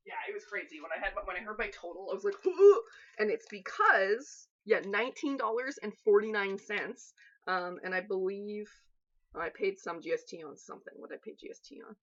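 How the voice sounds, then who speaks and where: A woman's voice: medium pitch, brisk, fairly bright tone, highs cut off. A woman hosting a live baking stream from her home kitchen, chatting and joking in a rambling way with her viewers. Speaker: host of a live cooking stream.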